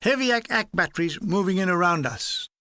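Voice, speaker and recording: A man reading his own war memoir aloud in a dry, wry, deadpan manner. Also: high voice, a little fast, smooth, no echo. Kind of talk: audiobook reading.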